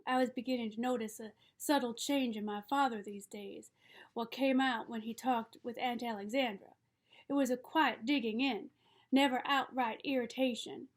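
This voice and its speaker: A woman reading a novel aloud as narrator, in a measured storytelling manner. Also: on the high side. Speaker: audiobook reader.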